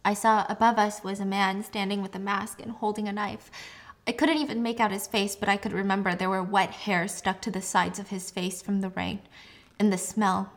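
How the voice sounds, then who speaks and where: A woman voicing a traumatized young woman patient, crying as she haltingly tells her story. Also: medium pitch, steady tone, close to an everyday voice. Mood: distraught. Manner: halting, emotional retelling.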